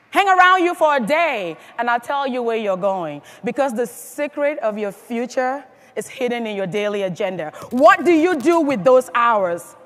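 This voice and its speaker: A woman giving a motivational speech to a live audience, emphatic and firing questions at the crowd. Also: a little high. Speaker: motivational speaker at a sales event.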